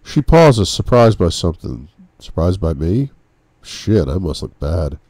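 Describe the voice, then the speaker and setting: A man narrating an audiobook in the first person, with a brooding, measured reading. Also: low-pitched, very animated, darkish tone, no echo, clean studio sound.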